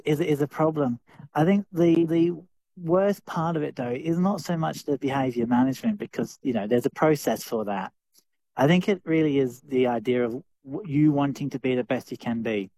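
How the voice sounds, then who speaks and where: A man's voice: medium pitch, dark tone, dry recording. Aussie teacher guy chatting, lots of ums and restarts, dead dry mic. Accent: Australian. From Australia. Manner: thoughtful, many fillers and restarts. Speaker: drama teacher. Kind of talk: interview answers.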